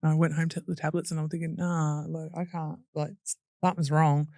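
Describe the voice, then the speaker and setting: A woman's voice: deep voice, level tone, a little fast, dark tone, no room sound, clean studio sound. A young Australian woman, a podcast guest, telling her hard story bluntly and with swearing, laughing through painful memories and acting out what people said. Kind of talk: candid personal storytelling.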